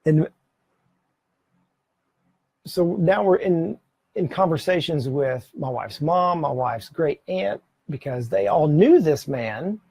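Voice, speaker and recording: Middle-aged man, raised pitch, mellow and gravelly, casual tips to camera, dry close sound. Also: lively intonation, slow, long pauses, no echo. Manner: conversational, self-correcting, occasional laughs. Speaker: presenter giving speaking tips. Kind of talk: casual instructional talk to camera. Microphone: camera mic, speaking to camera.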